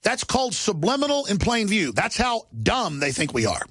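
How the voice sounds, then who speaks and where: A man's voice: high-pitched, very animated, normal speed, a bit bright, husky, dry recording, clean studio sound. A middle-aged man hosting a combative talk radio show, ranting and mocking as he talks. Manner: ranting, mocking, shifts into sneering put-on voices. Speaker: radio host.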